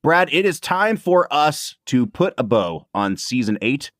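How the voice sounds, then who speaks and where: Man, podcast co-host, upbeat explainer, lively pitch, dry close sound. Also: measured pace, dry recording. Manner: upbeat, explains things to listeners. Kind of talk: casual podcast chat.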